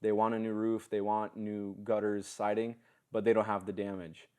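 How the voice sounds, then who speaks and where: A man's voice: fairly low pitch, normal speed, clear, resonant tone. A young man in his twenties, a podcast guest, telling stories in casual slang. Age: 20s. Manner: storytelling, lively, casual slang.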